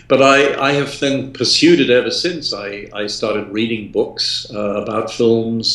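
A man's voice: lowish voice, fairly bright tone. Older man rambling in a roomy room. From England. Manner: rambling, with many ums and restarts. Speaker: film director as interview guest. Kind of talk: reminiscing interview answers. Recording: roomy echo.

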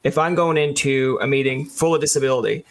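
A man's voice: mid-range voice, fast. A man hosting a podcast, chatting casually and rambling through relatable examples. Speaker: podcast host.

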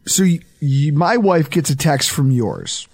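A man's voice: a little slow, gravelly. A man hosting a podcast in casual banter, telling stories with jokes and mocking impressions. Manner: animated, jokey storyteller with high mocking impressions. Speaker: podcast host.

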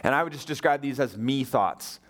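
A man's voice: mid-range voice, normal speed, fairly bright tone. A young adult man preaching a sermon as a guest pastor, telling a personal story in a conversational way and asking the audience questions.

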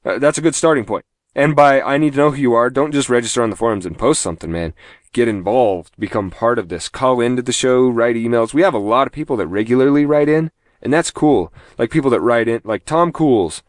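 A man's voice: mid-range voice, fast talker, dry recording, studio quality. A man hosting a casual gaming podcast, rambling through announcements with self-mocking jokes and frequent laughter. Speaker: podcast host.

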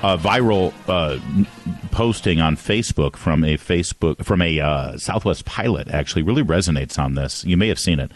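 Deep-voiced male talk radio fill-in host. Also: moderate pace, faint music behind. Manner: rambling, self-deprecating, frequent restarts. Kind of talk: casual talk radio monologue. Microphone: studio broadcast microphone.

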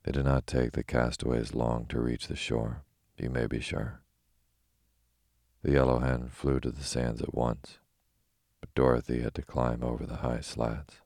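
A man telling a bedtime story in a calm, slow, soothing manner. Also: rumbling low, vocal fry, dry recording, clean studio sound. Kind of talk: sleepy bedtime story reading.

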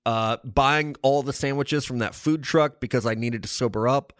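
A man's voice: medium pitch, normal speed, a bit bright, smooth, dry recording, studio quality. A young adult man co-hosting a podcast, telling stories in casual chat with laughs. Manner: storytelling, laughing. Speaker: podcast co-host.

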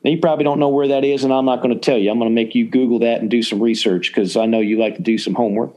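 A man's voice: mid-range voice, fairly even intonation, racing, warm tone, close to an everyday voice. A man voicing a boastful Southern college football coach at a press conference, putting on a Southern drawl and bragging defensively. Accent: Southern US (put on).

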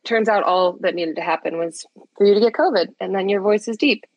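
A woman's voice: mid-range voice, brisk, no echo, lo-fi sound. A woman from Chicago in her thirties, co-hosting a podcast in a playful, teasing casual chat. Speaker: podcast co-host.

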